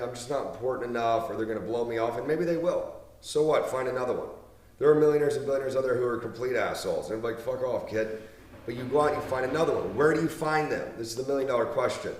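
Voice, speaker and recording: A man in his thirties telling stories in a casual monologue, blunt and profane, leaning on emphatic repetition. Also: medium pitch. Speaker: business speaker. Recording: roomy, mic at a distance.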